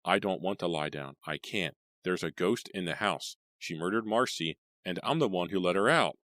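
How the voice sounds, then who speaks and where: A man voicing a terrified teenage girl who screams and pleads, pushing his voice high and loud. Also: expressive, normal speed, dry recording. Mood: desperate.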